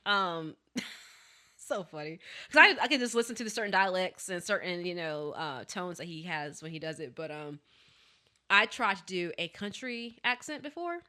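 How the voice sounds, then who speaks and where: A young woman who talks fast and animated, chatting casually as a podcast co-host. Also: lowish voice. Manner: fast-talking, animated, self-deprecating. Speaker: co-host, daughter. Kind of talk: casual chat.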